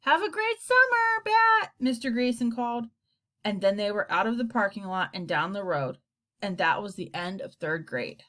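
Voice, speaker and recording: Narrating a children's book, a woman tells the story expressively in a mid-range voice at a normal speed.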